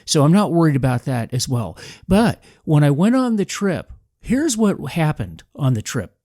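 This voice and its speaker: A man's voice: on the high side, big pitch swings, normal speed, warm tone, dry recording, clean studio sound. Emphatic man hosting a political podcast. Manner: emphatic, combative, preachy. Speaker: podcast host. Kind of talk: political commentary monologue.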